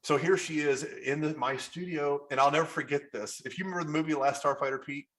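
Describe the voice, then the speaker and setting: A man from Kentucky, a podcast guest, telling stories in a casual interview, animated and full of "like" and "you know". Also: on the high side, quick pace. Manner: animated storyteller, heavy use of "like" and "you know". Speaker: podcast guest, model photographer.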